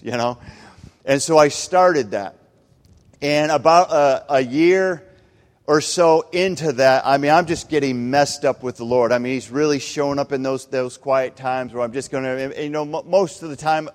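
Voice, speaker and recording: A man's voice: mid-range voice, normal speed. A middle-aged man giving an earnest, conversational testimony from the pulpit, with repeated phrases. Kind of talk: testimony sermon. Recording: reverberant hall.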